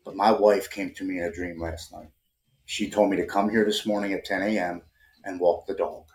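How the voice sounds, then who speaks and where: A man quoting a calm, comforting older father. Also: deep voice, normal speed, slight background noise. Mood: reassuring. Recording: roomy echo.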